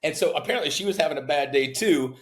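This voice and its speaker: This podcast guest is a male home builder and a fast talker, telling casual stories in a space with roomy acoustics. He animates each tale by performing the people he quotes, his pitch jumping widely.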